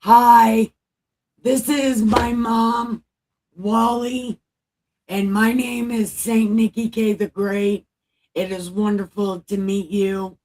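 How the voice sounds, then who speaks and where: A woman's voice: fairly high pitch, flat delivery, takes it slowly, a little mellow. A woman hosting a chat with her mother, making dry asides. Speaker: host and daughter. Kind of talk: casual chat.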